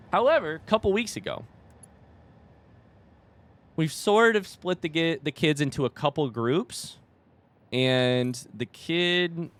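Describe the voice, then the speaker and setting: A young man streamer tells a coaching story in a loose, rambling way, packing in fillers and restarts and swearing now and then. His voice sits at a plain middle pitch for a man. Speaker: streamer and youth cross country coach. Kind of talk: casual storytelling while gaming.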